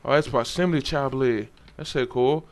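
A young man giving loose, profane, excitable commentary while playing a game. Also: medium pitch, moderate pace. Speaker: gamer. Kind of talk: casual gameplay commentary.

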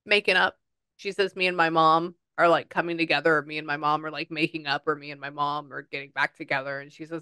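A chatty woman with a fairly low voice, talking casually and relaying quotes. Her sound is dry and close, with no room around it. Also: fairly even intonation, fast, bright, forceful tone, smooth, no echo. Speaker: psychic medium. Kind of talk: casual reading session.

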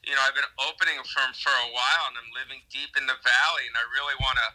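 A man doing a bright, whiny surfer-dude comic. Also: medium pitch, fairly even intonation, racing, low-quality recording. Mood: grumbling. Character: whiny laid-back male comedian friend, grumbling. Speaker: phone-in caller. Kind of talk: comedic impression of a fellow comedian.

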